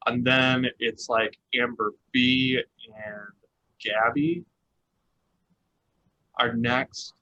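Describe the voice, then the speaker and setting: A man's voice: mid-range voice, steady tone, extremely slow, pauses often, pushed and bright, lo-fi sound. A man co-hosting a podcast, recapping a reality show in a chatty, casual way with lots of fillers and laughter. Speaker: podcast co-host.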